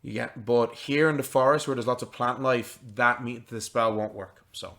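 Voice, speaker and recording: A man's voice: mid-range voice, fairly even intonation, moderate pace, a bit bright. A man narrating a tabletop game as game master, rambling with many fillers and restarts.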